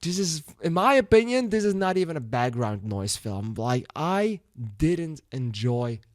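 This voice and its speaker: A man's voice: a little high, sing-song, measured pace, a little mellow, dry recording, studio quality. A man with a Dutch accent reviewing a film in a frank, casual way, swearing now and then. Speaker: movie reviewer.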